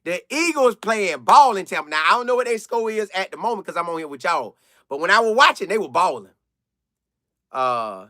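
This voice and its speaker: A high, bright-voiced man talks straight into a dry, close mic on a casual live stream. His delivery is loose and slangy, with a flavor, as he reads viewer comments and riffs on the game. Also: sing-song, brisk, no echo. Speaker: live-stream sports commentator reading chat.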